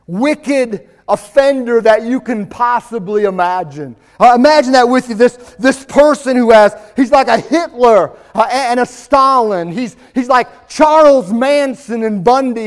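Slow, high-voiced male preacher. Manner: slow, emphatic preaching with long pauses, rising to shouts. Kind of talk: sermon.

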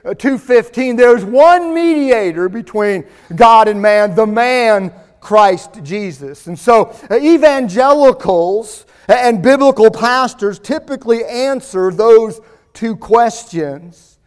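A man's voice: very high voice, animated, slow pace, clean tone. A male pastor preaching a sermon in a church, building his emphasis as he reads scripture aloud.

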